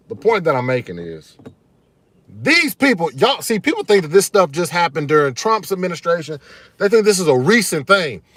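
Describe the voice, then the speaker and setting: Fired-up man ranting live, high voice. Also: a bit bright, no room sound. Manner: fired-up, emphatic, repeats key phrases, addresses viewers as y'all. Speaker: channel host streaming live. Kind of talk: casual live-stream rant to viewers.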